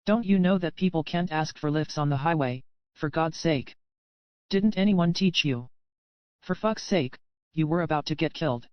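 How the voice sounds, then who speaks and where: Man doing a hot-tempered possessive young bully, smooth raised voice, dry slightly dull audiobook sound. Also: on the high side, moderate pace, no echo, close to an everyday voice. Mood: furious. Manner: shouts harshly, then murmurs softly.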